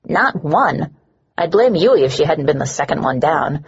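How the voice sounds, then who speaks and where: A woman's voice: deep voice, expressive, normal speed, breathy edge, lo-fi sound, exaggerated voice. A woman doing a scornful, bitter young woman. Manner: sneering, scornful.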